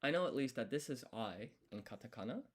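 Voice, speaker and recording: A man streaming his language study talks through each step aloud and quizzes himself under his breath. His mid-range voice is slightly rough, with lively intonation and a fairly quick pace.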